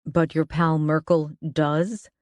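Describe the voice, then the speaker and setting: A reader playing a level-headed detective who speaks slowly and reasonably, with a cold threat underneath. It is a dry, close audiobook read. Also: mid-range voice, steady tone, dark tone, dry recording, lightly acted. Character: calm, steely male police detective.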